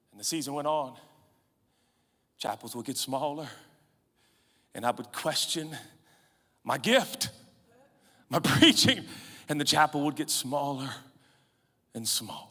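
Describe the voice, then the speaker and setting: A man in his forties, a pastor, preaching a sermon in an animated, humorous, conversational way, out of breath and sweating. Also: fairly high pitch, unhurried, pauses often. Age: 40s. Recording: reverberant large hall.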